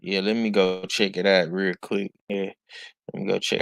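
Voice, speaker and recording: A man hosts a loose sports chat in a relaxed, drawling way and often repeats his words. His voice sits fairly low. The recording is dry and close. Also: moderate pace, vocal fry, dry recording. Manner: laid-back, drawling, repeats himself. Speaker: host.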